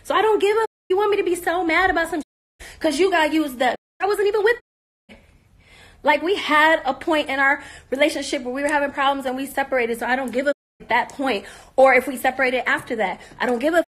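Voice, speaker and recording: Woman, high and bright, confrontational live-stream rant, profane and mocking, voice wearing thin. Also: fairly quick. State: losing her voice.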